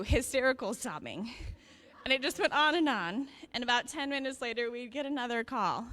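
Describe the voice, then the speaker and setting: A woman's voice: high-pitched, expressive, moderate pace, bright, forceful tone. A young woman recalling fond childhood stories about her cousin at a memorial, with light laughter. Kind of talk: memorial remembrance speech. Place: memorial gathering.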